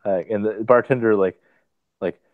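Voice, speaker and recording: Low-voiced man, halting game chat. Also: fairly even intonation, no echo. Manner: filler-heavy, halting. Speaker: player. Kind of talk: casual tabletop game chat. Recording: dry dull lo-fi call audio.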